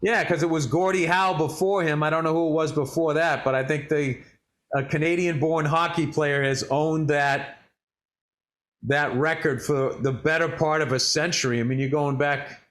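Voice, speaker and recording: Guy on a podcast mic, talks sports trivia, kinda high voice, lots of ums. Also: fairly even intonation, moderate pace, fairly bright tone. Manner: chatty sports trivia talk with fillers. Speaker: co-host. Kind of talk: casual podcast chat.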